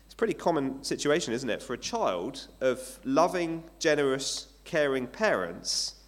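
A man preaches a sermon in a relaxed, conversational way, often asking rhetorical questions. His pitch moves up and down a lot. The voice trails off into a long hall reverb, as if in a large church. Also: moderate pace. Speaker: pastor.

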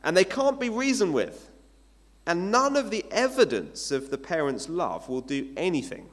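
A man's voice: sits high, sing-song, moderate pace, a bit bright. A male pastor giving a sermon in a conversational way, asking his listeners rhetorical questions. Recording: long hall reverb.

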